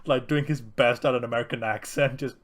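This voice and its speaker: A man co-hosting a casual film podcast, animated and quick to laugh, often acting out lines from the film. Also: mid-range voice. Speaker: podcast co-host. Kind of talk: casual film discussion chat.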